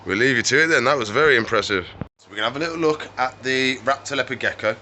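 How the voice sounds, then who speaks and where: Man, chatty, talks to his animals, bright voice, faint background hum. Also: mid-range voice, quick pace, low-quality recording. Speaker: reptile shop owner. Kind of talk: casual vlog chat.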